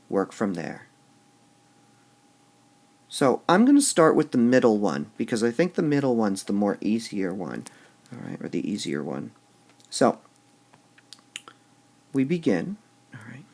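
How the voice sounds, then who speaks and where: Male teacher, gravelly and unhurried, lively pitch, punches the stressed syllables. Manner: slow, deliberate, stressing syllables aloud. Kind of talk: classroom lecture on poetic meter.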